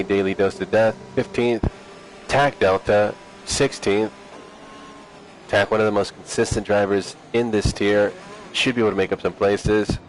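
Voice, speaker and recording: Low-voiced man commentating sim racing. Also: slight background noise. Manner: relaxed, chatty, teasing. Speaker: race commentator.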